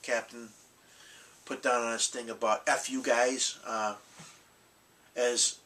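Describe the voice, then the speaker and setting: A man rambles through a casual collectibles vlog, blunt and full of restarts and mild curses. His voice is bright and forward. He sits a little away from the microphone. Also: mid-range voice, level tone, slow, recorded from a distance, poor audio. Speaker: collectibles channel host.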